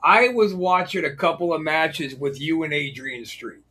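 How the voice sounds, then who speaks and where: Podcast host, man, bright voice with a husky edge, jokey interviewer. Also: a little high, animated, normal speed.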